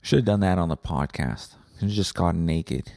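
A man's voice: low-pitched, moderate pace, gravelly, a little mellow, no room sound, clean studio sound. A man hosting a podcast, delivering a profane, combative comedic rant. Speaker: podcast host.

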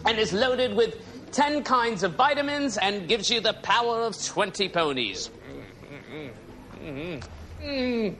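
A brash fake-British huckster. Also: male voice, lively intonation, slow, a little hiss or hum, exaggerated voice. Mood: hammy pitch. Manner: loud hard-selling pitch, slurps and hams it up. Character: brash bumbling male salesman faking a British accent. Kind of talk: TV comedy scene.

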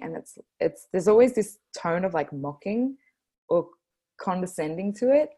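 A woman in her twenties with an Australian accent, a guest talking casually on a podcast, earnest and quick to laugh. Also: sits low, lively intonation, dark tone, highs cut off. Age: 20s. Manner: earnest, laughs often, speaks slowly when stressing a point.

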